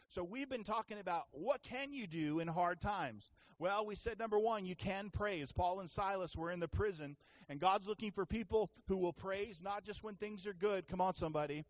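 A middle-aged man pastor preaching a sermon with energy, calling the congregation to answer back. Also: high voice. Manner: energetic, calls congregation to respond.

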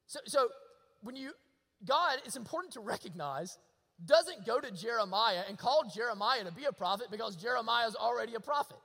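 A man's voice: very high-pitched, animated, a little fast, creaky, sharp tone, slightly rough, long reverb tail. A man preaching a sermon in a church, impassioned and repeating lines for emphasis. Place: church sanctuary.

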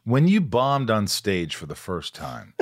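A middle-aged man hosting a podcast in casual interview chat, animated and quick to laugh. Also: lowish voice, no echo, studio quality. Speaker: podcast host.

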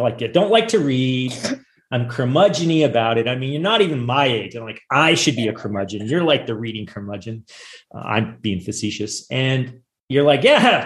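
Easygoing male podcast host. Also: mid-range voice. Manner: laid-back, joking, self-deprecating anecdotes. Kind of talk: casual interview chat.

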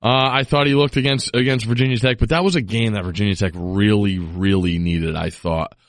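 A man co-hosting a sports betting podcast, rambling and chatty with quick restarts. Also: no echo, clean studio sound. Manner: rambling, quick restarts, lively rises in pitch when making a point. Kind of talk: casual sports betting chat.

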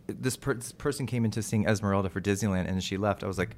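A fairly low-voiced man from Texas talks through a relaxed interview. He rambles cheerfully, mocks himself and slips into quoted voices of people he has met. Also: quick pace, a little hiss or hum. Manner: chatty, self-mocking, full of asides and quoted voices. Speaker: actor and TV host, interview guest. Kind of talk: casual chat.

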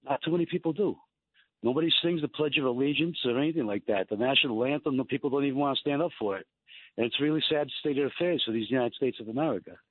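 A man's voice: medium pitch, no echo. A man with a New York accent calling in to a radio show, polite and earnest. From Brooklyn, New York. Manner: polite, earnest, fast-talking. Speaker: caller. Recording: phone line.

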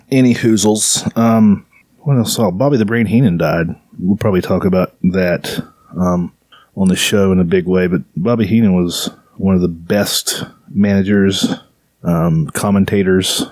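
Low-voiced sarcastic rambling man. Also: steady tone, a little slow, a little mellow, no echo. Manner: rambling, sarcastic, lots of fillers. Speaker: podcast host. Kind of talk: casual chat.

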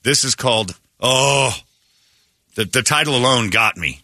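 A man's voice: mid-range voice, measured pace, no room sound, studio quality. A man hosting a radio show, telling a story in casual chat with lots of restarts and fillers. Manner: animated retelling with many restarts and fillers. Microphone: studio microphone.

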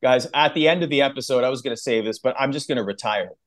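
A man's voice: medium pitch, fast. A man co-hosting a podcast, enthusiastic and playfully over the top as he announces news and chats with friends. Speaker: podcast co-host. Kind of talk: excited podcast announcement and chat.

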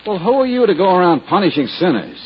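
A wisecracking private eye. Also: male voice, sits high, sing-song, lo-fi sound. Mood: breezy. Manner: quick sarcastic quips. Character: wisecracking male private detective, breezy and sardonic. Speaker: detective lead. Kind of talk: 1940s radio acting. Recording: hissy 1940s radio broadcast.

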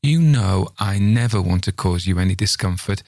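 A man's voice: low-pitched, lively intonation, moderate pace, vocal fry, darkish tone, dry recording, clean studio sound. A man voicing a wizened, mean old man who plays cruel pranks, gurgling and wheezy in a sly, needling way. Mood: mock-apologetic.

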